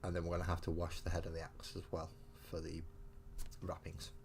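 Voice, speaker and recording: A man's voice: low voice, monotone, a little fast, gravelly, a little mellow, a little hiss or hum. A man hosting a live miniature-painting stream, chatting casually and thinking aloud with frequent restarts, in a home hobby room.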